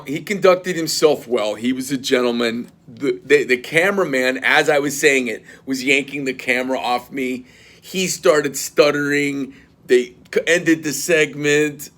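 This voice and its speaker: A middle-aged man, a knife company owner, telling a story in a blunt, profane and animated rant. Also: a little high.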